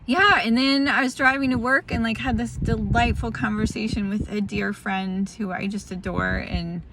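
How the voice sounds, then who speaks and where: A woman's voice: on the high side, steady tone, moderate pace, noisy background. A tired woman talking candidly in a casual spoken diary, rambling and laughing through a hard family moment. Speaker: vlogger sharing a family update.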